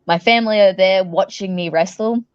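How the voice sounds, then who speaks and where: A woman's voice: mid-range voice, moderate pace, clean tone, no echo, muffled recording. A young Australian woman, a professional wrestler being interviewed, tells stories casually, laughing often and swearing freely.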